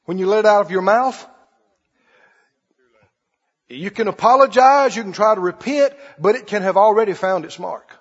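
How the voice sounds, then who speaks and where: A man's voice: high voice, moderate pace, long pauses, husky. A man preaching a sermon in a conversational way, asking the congregation questions and acting out little scenes. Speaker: pastor. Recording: dull lo-fi audio with long hall reverb.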